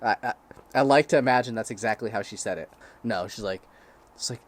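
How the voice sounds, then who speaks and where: A man's voice: on the low side, fairly even intonation, fast, a little hiss or hum. A young man with a crude, sarcastic manner, reading blog posts aloud and breaking off to comment and laugh.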